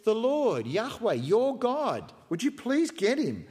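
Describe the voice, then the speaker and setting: A man's voice: extremely high pitch, huge pitch swings, slow pace, darkish tone, slightly rough, big-room sound, voice pushed up, exaggerated voice. A man voicing a self-serving ancient king who pleads sheepishly and casually for help. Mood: sheepish pleading.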